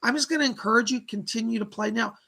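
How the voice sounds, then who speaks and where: A man's voice: extremely high pitch, quick pace, creaky, sharp tone, slightly rough, poor audio. A man hosting a live stream as a psychic reader, chatting casually, reading out viewer comments and laughing often.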